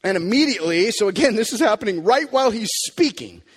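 Man, pastor, sermon, high voice, emphatic, long hall echo. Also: fast talker, slightly rough. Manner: animated, emphatic preaching with dramatic drops to quiet.

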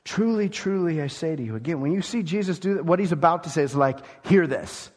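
A man delivers a sermon in an animated, conversational way, slipping into the voices of the people he quotes. His voice sits fairly high. The room rings with a long hall reverb. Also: fairly quick. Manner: animated, acts out quoted speakers. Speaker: preacher.

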